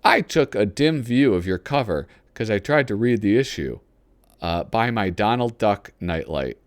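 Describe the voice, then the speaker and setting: A man with a lowish voice that swings freely up and down as he chats. He rambles through a magazine, reading snippets aloud and teasing himself. The sound is dry and close. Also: lively intonation, a little slow, no echo. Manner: rambling and self-deprecating, reads lines aloud. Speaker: host. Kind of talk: casual commentary while paging through a magazine.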